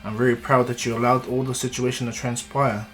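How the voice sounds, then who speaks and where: A man's voice: medium pitch, level tone, brisk, faint music behind, close to an everyday voice. A man voicing a grave old sage. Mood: proud. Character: ancient wise male sage, calm and proud.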